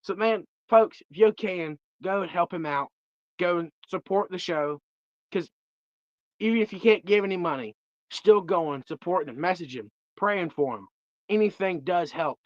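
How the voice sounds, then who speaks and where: A man's voice: sits high, moderate pace, dry recording. A man, guesting on a livestream and making an earnest, rambling appeal for a friend. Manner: earnest, rambling plain talk. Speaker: podcast host, guest on the stream. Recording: dull, dry stream audio.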